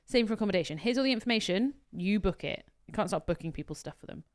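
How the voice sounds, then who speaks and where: A woman co-hosting a chatty podcast, talking at a quick clip. She is blunt and animated and keeps acting out both sides of her stories. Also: medium pitch. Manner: blunt, animated storytelling with quoted dialogue and swearing. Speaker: podcast co-host. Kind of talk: casual chat.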